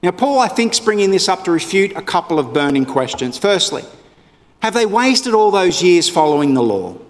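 A man's voice: sits high, in a large hall. A male pastor preaching a sermon in a conversational way, with wry asides to his congregation.

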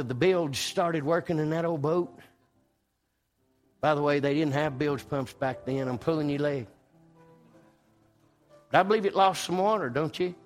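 Preacher man, folksy storyteller, a bit high-voiced, church music faint behind. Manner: folksy storytelling, swings between loud and hushed. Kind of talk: sermon.

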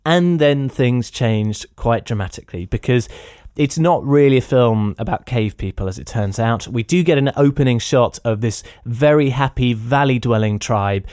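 A man hosting a film-review podcast, talking casually and with enthusiasm straight to his listeners. His pitch sits in the middle range. The recording is dry and close, with no room sound. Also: moderate pace, a little mellow, no room sound. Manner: chatty and enthusiastic, addresses listeners directly.

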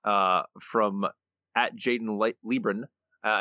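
Bright-voiced man co-hosting a podcast. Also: fairly low pitch, steady tone, unhurried, dry recording. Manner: reads quotes aloud with mild playful emphasis. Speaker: podcast co-host. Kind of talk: casual chat, reading listener answers. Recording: dull lo-fi dry podcast mic.

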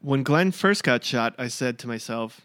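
A man co-hosting a casual podcast, talking in a thoughtful, measured way. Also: medium pitch, animated, fairly bright tone, no echo, clean studio sound. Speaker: podcast co-host. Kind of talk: casual book and show discussion.

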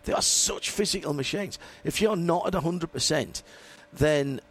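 A man's voice: a little high, normal speed. A man hosting a motorsport radio podcast in casual chat, rambling through his points with fillers and restarts. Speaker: host.

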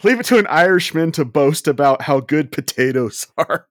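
A man's voice: a little high, lively intonation, normal speed, a bit bright, no echo, clean studio sound. A man co-hosting a casual movie review podcast, teasing and joking. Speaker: podcast co-host and editor.

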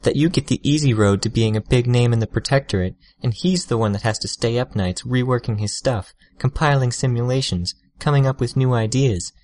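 A man voicing a sharp-tongued, knowing young woman villain in an audiobook, quick and teasing. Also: mid-range voice, lively intonation, no echo, voice pushed up, natural voice. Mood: taunting.

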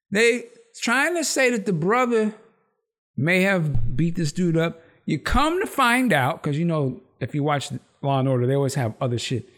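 Man hosting a podcast, kinda high voice, slangy, jumps into doing everyone's lines. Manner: animated storyteller who acts out the characters' lines in raised voices; swearing, slangy. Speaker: podcast host. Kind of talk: casual chat recapping a TV episode.

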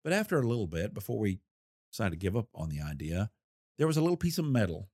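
An older man with a lowish voice tells a true-crime story from his investigating days, unhurried and folksy, with a wry edge. The sound is close and dry. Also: sing-song, dark tone, no room sound. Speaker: retired federal investigator recounting a case. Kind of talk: storytelling interview.

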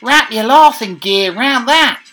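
A man putting on an exaggerated, hearty Australian bloke voice for slang phrases, loud and high with a drawn-out twang. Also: expressive, faint music behind, exaggerated voice.

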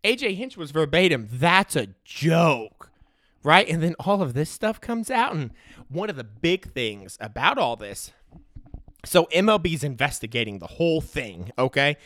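A man's voice: a little high, sing-song, normal speed, fairly bright tone, no echo. A man hosting a podcast, ranting in a loose, joking, profane way, short of breath. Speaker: podcast host. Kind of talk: casual sports podcast rant.

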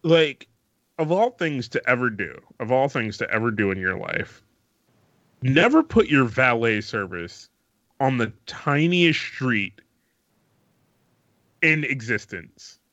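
Man, podcast co-host, lively swooping voice, bright, slightly dull lo-fi sound. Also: mid-range voice, slow pace, long pauses, no room sound. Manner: excitable, swears casually. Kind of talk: casual chat.

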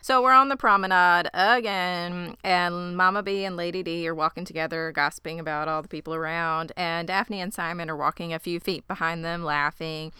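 Woman, podcast co-host, casual episode recap, acts out lines, bright crisp voice, dry sound. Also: fairly low pitch, no echo. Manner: animated, acts out characters' lines in quick voices.

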